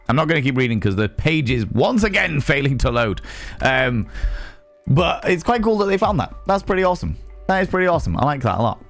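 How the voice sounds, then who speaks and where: A man with a West Country accent chatting casually on a live stream, reacting to chat with quick, sweary asides. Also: medium pitch. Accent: West Country English.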